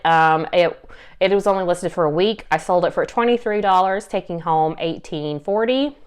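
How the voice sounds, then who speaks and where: Chatty Southern woman with a smooth voice. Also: on the low side. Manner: chatty, upbeat, lots of fillers and little laughs. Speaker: reseller vlogger. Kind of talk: casual chat to camera.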